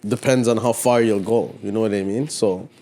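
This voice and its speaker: Male co-host from Ontario; mellow, warm tone, loose rambling podcast chatter. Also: on the low side, fairly even intonation, moderate pace. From Canada, Ontario (Mississauga area). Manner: loose and conversational, many "you know what I mean" fillers, laughs easily. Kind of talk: casual chat.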